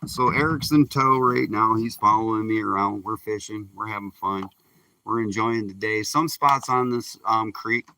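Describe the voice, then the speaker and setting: A man's voice: fairly low pitch, normal speed, pushed and bright, no echo. Laid-back, folksy fishing guy on a creek. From Michigan. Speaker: fishing streamer. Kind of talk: casual live-stream chatter. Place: kayak on a creek outdoors. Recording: distant mic outdoors with faint noise.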